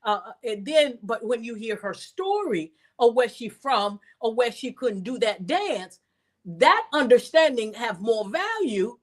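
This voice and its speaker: A woman giving an animated, preacher-like talk, repeating words and jumping high in pitch when exasperated. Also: measured pace. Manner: preacher-like cadence, scripture references. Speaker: speaker and teacher. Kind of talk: reflective talk to an audience.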